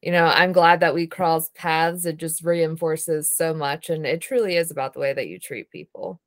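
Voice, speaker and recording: Lower-voiced woman podcast host. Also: steady tone, moderate pace. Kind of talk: podcast interview.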